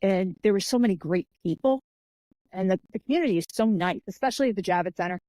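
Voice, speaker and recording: A woman telling stories in a podcast interview, animated and expressive, slipping into the voices of the people she describes. Her tone is mellow and warm rather than bright. The sound is dry and close, with no room echo. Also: mid-range voice, quick pace. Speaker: guest, author and martial artist.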